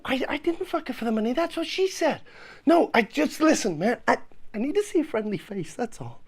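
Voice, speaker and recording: A man telling a story in live stand-up, swearing and pleading, now and then flaring into shouts, at a comedy venue. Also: very high voice, big pitch swings, a little fast.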